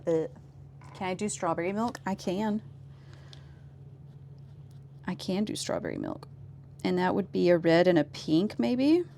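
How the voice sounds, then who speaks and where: A woman in her thirties with a low-key, even delivery, casually chatting with viewers while she crafts on a live stream. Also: gravelly, slight background noise. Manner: thinks aloud and answers chat.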